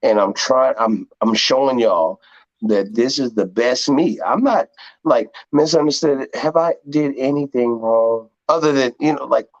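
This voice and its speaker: A man speaking as a guest on a live online panel, rambling and halting as he defends himself. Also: medium pitch, no room sound. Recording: dull, dry, lo-fi call audio.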